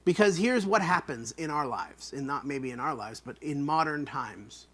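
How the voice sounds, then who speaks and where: A man's voice: fairly high pitch, lively intonation, normal speed, fairly bright tone. A man teaching an online Bible study in an earnest, emphatic way, repeating points to stress them.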